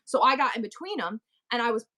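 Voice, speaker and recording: Middle-aged woman, live-stream host, slightly high voice, chatty and rambling, animated storyteller. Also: quick pace. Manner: animated, rambling storyteller with many asides and restarts. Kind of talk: casual storytelling chat.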